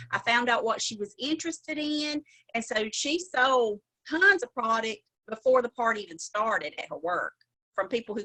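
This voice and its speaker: A woman's voice: a little high, sharp tone, low-quality recording. A middle-aged woman with a Southern drawl, giving a chatty, folksy sales training talk on a video call. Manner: chatty, folksy, laughs often. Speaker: sales director.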